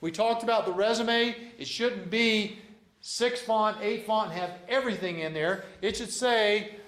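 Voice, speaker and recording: Folksy high-voiced older male instructor. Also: measured pace, fairly bright tone, echoey room. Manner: folksy, repeats himself, acts out dialogue. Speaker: JROTC instructor. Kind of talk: classroom lecture with anecdotes. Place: classroom.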